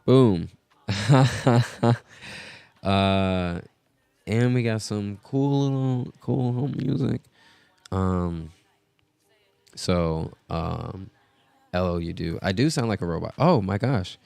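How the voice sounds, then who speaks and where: A man's voice: on the low side, animated, takes it slowly, gravelly, dark tone, no echo. A man hosting a casual live stream, rambling with many filler words as he talks into a podcast mixer setup. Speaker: host.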